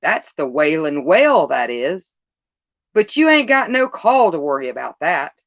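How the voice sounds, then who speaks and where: A woman's voice: deep voice, big pitch swings, unhurried, no room sound, lo-fi sound, heavily acted. A woman doing a grave old country shepherd. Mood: folksy. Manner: rustic country speech, solemn warnings.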